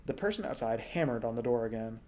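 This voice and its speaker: A man reading a storybook aloud in a relaxed way, now and then correcting small slips. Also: medium pitch, fast. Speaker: audiobook reader.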